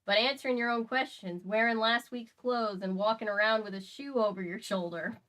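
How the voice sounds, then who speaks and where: A woman voicing a sad, kindly older drifter man in a cowboy drawl, folksy and gentle, read aloud from a novel. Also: sits high, brisk. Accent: American cowboy drawl.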